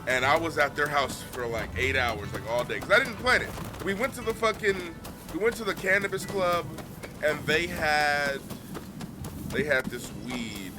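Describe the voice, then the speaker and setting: A man who streams games and does stand-up, telling stories in a laid-back, slangy way with lively retellings. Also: on the high side, normal speed. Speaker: Twitch streamer and stand-up comedian. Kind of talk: casual storytelling on a game stream. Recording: game music playing underneath. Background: video game music.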